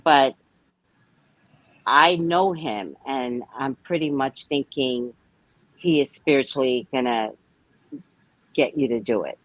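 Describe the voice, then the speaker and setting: A woman co-hosting a live tarot reading, chatting casually and telling stories in an animated, expressive way. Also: very deep voice, slow, long pauses, dry recording, muffled recording. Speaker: tarot reader co-host.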